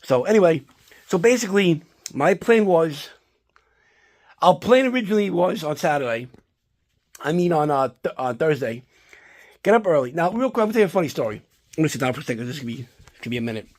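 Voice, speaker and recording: With long pauses between brisk bursts, this high-voiced collector vlogger from New Jersey chats casually about his holiday routine. The story rambles and turns profane, and he gets animated when annoyed.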